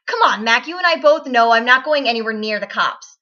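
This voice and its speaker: A woman's voice: a little high, expressive, fairly quick, pushed and bright. A woman reading as a smug, vain grown man. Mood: dismissive. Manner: haughty, dismissive. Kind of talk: amateur read-aloud of fan fiction. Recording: dull lo-fi webcam audio.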